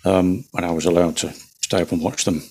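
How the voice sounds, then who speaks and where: A man co-hosting a casual chat, hesitant with many pauses and restarts. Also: deep voice, steady tone, darkish tone, breathy edge. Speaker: podcast co-host.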